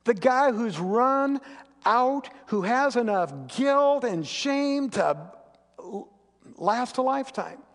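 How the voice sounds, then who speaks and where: Male pastor, sermon, earnest storytelling, high-pitched, long sanctuary reverb. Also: animated, slow. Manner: earnest, storytelling, dropping to quiet intensity. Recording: long reverb of a large hall.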